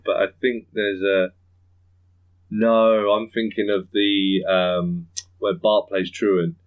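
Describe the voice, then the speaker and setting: A man hosting a podcast in casual chat, rambling, chuckling often and slipping into quick impressions. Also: fairly low pitch, level tone, phone-quality sound. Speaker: podcast host.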